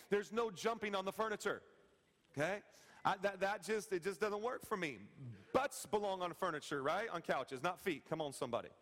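A male pastor in his thirties with a fairly high voice, preaching in a casual, joking way and often asking the congregation "right?". His voice carries a long reverb from the church hall. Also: a bit bright. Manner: conversational, joking, frequent "okay?" and "right?" asides to the congregation. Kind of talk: sermon. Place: church sanctuary.

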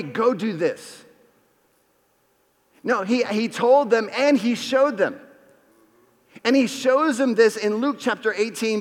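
High-voiced man preaching in an echoing hall. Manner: energetic, conversational, acts out quotes. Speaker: pastor. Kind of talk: sermon.

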